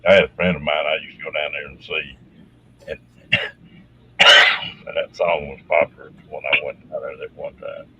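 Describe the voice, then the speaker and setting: A hoarse man telling folksy stories in a casual chat, on a dull lo-fi recording. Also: very deep voice, fairly even intonation, moderate pace, pauses often, bright, forceful tone, slight background noise. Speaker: show regular. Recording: dull lo-fi sound.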